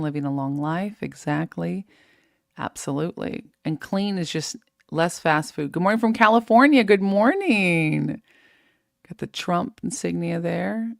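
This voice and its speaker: A woman hosting a live fitness stream, giving energetic, preachy, faith-based motivation and reading out viewer comments. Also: low-pitched, moderate pace, gravelly, dry recording, studio quality. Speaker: host of a live fitness show.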